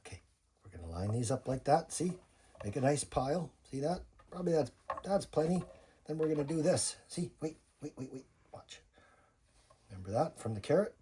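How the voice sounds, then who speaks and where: A man's voice: fairly high pitch, sing-song, a little fast, poor audio. An older man, a grandfather, patiently teaching a child to cook step by step and joking along the way in a home kitchen. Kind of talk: home cooking lesson. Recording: loud background noise, chopping.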